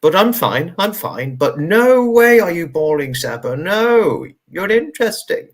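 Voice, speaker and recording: A man's voice: high-pitched, sing-song, unhurried. Tired man chatting on a livestream. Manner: earnest and reassuring, rambling with many fillers. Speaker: livestream host. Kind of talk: casual livestream chat, answering viewer comments.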